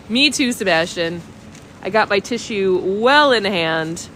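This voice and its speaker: A woman's voice: medium pitch, animated, a little slow, a bit bright, a little hiss or hum. A woman hosting a walking-tour livestream, chatting with viewers' comments, a bit sniffly from a cold. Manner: bubbly, chats with viewers' comments. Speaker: travel livestream host. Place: outdoors on a village street.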